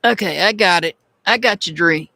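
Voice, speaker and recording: A woman's voice: fairly low pitch, normal speed, creaky, bright, forceful tone, dry recording. A woman hosting a tarot live stream, chatting casually and calling out viewers by name as she thanks them.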